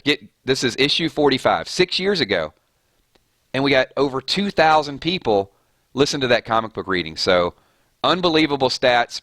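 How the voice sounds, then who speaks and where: A man hosting a casual gaming live stream, chatting loosely with viewers and giving shout-outs, his voice a little hoarse. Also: lowish voice, no room sound. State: slightly hoarse. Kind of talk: casual live-stream chat over gameplay.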